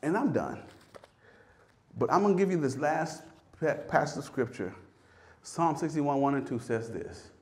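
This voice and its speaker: Fervent preacher man with a lively voice. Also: normal speed, pauses often. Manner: fervent, repeats phrases, swings from loud peaks to hushed lows. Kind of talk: sermon.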